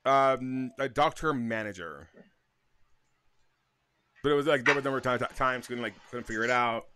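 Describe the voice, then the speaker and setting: A man co-hosting a casual podcast chat over a video call, sassy, excitable and swearing freely. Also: mid-range voice, normal speed, background noise. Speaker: podcast co-host. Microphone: computer microphone on a video call.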